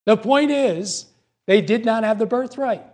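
A man preaching a sermon as pastor, measured and repeating his key points for emphasis. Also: high-pitched, darkish tone.

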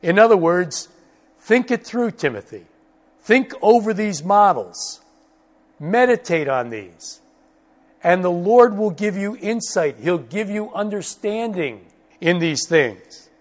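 A man teaching a Bible study lesson, slow and emphatic, repeating key words for stress. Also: high-pitched, big pitch swings. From United States.

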